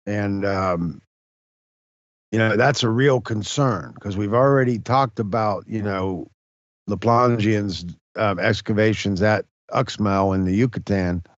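Slow, low-voiced man lecturing. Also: no room sound, muffled recording. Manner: measured, halting, many fillers and restarts. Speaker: presenter on esoteric history. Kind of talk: slow lecture-style discussion.

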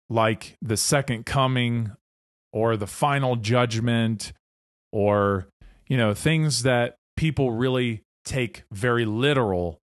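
A man's voice: medium pitch, dry recording, clean studio sound. A man hosting a spoken presentation, explaining ideas earnestly and often checking in with listeners by asking "okay?". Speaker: host of an esoteric presentation series. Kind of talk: explanatory monologue lecture.

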